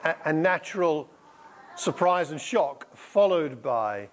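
Lively middle-aged preacher, higher voice. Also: male voice, slow pace. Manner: lively storytelling, repeats answers back. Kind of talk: sermon with audience questions. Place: church hall.

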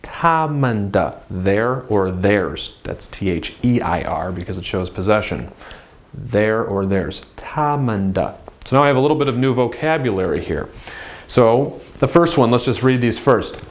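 Man, language teacher, unhurried delivery, upbeat, repeats every word for drilling. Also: on the low side, expressive. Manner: upbeat, drills words slowly with repetition. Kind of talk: classroom-style language lesson.

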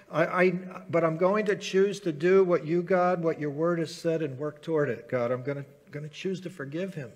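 Earnest pastor preaching on forgiveness. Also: male voice, a little high, in a large hall. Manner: earnest, acts out prayers and bitter inner voices. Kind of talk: sermon. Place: church sanctuary.

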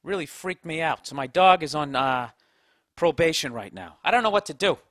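A man's voice: fairly high pitch, expressive, moderate pace, fairly bright tone, no echo, studio quality. A man hosting a podcast, rambling through a profane comedic story and talking to his dog. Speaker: podcast host. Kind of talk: casual comedic monologue.

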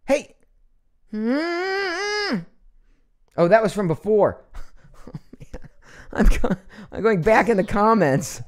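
Middle-aged male stream host, lively pitch, chatty, laughs a lot, reads comments. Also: clear, resonant tone. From Ohio, USA. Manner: chatty and animated, laughs often, reads viewer comments aloud. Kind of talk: casual live stream chat. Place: home.

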